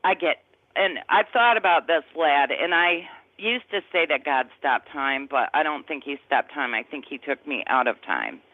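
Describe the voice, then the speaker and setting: A woman's voice: low-pitched, lively intonation, moderate pace, no room sound. A woman in her fifties tells a personal testimony in conversation, earnest and emotional, often searching for words. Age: 50s. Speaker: guest sharing a testimony. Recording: tinny phone-like line, dry.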